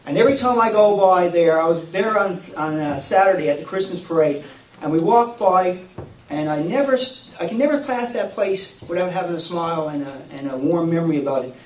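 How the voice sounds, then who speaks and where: A middle-aged Newfoundland man spins a folksy tale in a fairly high voice, his words ringing back from the room around him. He sounds set back from the microphone, with a faint hiss beneath. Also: brisk. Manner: folksy, warm-hearted, lively with laughs. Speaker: storyteller. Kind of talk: told personal story at a live event. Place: community hall at a Christmas event. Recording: echoey room, mic at a distance, faint noise.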